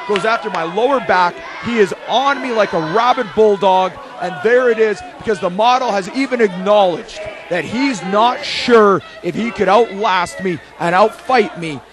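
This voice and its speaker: A man, a wrestler loudly and excitably calling his own match in boastful play-by-play. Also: sits high. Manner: loud, excitable, boastful, shouting. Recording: loud arena crowd behind.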